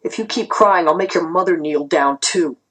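A woman reading aloud and voicing a harsh young male enforcer who speaks with scorn, her voice husky. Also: on the low side, normal speed, fairly bright tone. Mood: scornful. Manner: scornful, threatening.

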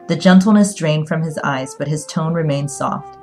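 Give me a woman with a low voice narrating a first-person novel, steady and even. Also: normal speed, soft background music. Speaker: audiobook narrator. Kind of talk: scripted narration.

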